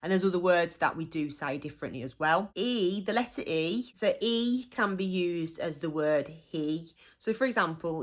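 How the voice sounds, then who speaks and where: A woman with a broad Black Country accent, talking through local dialect words one by one. She is chatty and easygoing, and often acts out little example phrases. Her voice sits a little low for a woman. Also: a little slow, hardly any pauses. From Black Country, England. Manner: chatty, laughs easily, gives example phrases. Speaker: dialect explainer. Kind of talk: casual explanatory monologue.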